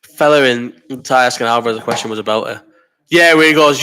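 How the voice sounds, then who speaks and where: A man's voice: mid-range voice, bright, forceful tone, clean tone. A man in his thirties hosting a live chat, rambling and swearing while reading out viewer comments, ill with a cough. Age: 30s. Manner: rambling and sweary, quick banter. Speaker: host of a live chat stream.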